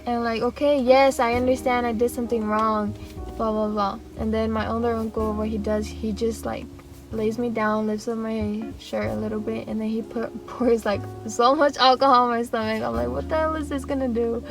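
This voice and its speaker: Animated young woman telling a story. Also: fairly high pitch, moderate pace, music in the background, poor audio. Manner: rambling and animated, with laughs and acted-out quotes. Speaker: vlogger. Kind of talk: casual storytime.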